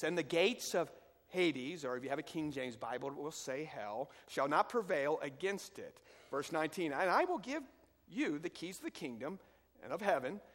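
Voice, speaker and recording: A pastor preaching a sermon, emphatic at times and then quiet as he reads scripture and guides his listeners through it. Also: on the high side. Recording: long hall reverb.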